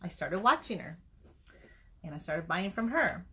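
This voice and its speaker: A middle-aged woman giving an earnest, motivational pep talk to her sales team, telling her story in a lively way and acting out what people said. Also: on the low side, unhurried, breathy edge. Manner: earnest, faith-driven encouragement. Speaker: direct-sales team leader.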